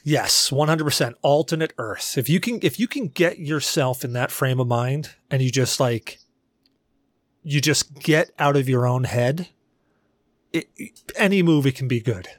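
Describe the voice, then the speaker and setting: A man's voice: mid-range voice, a little slow, no room sound, studio quality. A man co-hosting a podcast, chatting casually and telling stories with jokey banter. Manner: rambling, animated storytelling with jokey banter. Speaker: podcast co-host. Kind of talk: casual chat.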